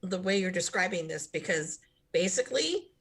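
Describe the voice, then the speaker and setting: A woman's voice: lowish voice, big pitch swings, normal speed, vocal fry, fairly bright tone, breathy edge. Rambling, enthusiastic woman co-host. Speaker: podcast co-host. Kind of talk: casual chat.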